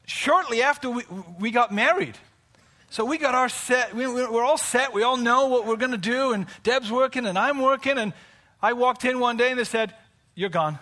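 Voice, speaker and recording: High, bright-voiced pastor preaching. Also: male voice. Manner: personal and heartfelt, building to emphatic preaching. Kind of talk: conversational sermon.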